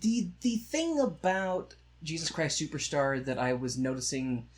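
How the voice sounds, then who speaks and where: A man's voice: on the high side, measured pace. A man co-hosting a podcast, chatting casually about musicals in a joking, sarcastic way, telling stories full of asides. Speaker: podcast co-host. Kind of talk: casual chat reviewing musicals.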